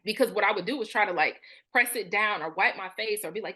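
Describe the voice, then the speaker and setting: A woman's voice: medium pitch, moderate pace, sharp tone. A woman in her thirties, a therapist and spiritual coach, telling her story in a frank, colloquial way and animating the thoughts she quotes. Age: 30s. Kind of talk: candid personal storytelling.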